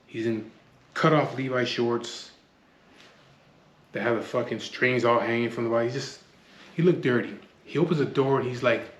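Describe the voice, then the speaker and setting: A man telling a street story in a blunt, profane, casual way. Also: mid-range voice. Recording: echoey room, faint noise.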